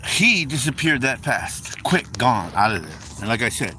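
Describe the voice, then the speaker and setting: A man's voice: medium pitch, moderate pace. A man giving an informal, conversational sermon, repeating phrases and speaking straight to his listeners as folks. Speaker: preacher. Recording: steady background noise.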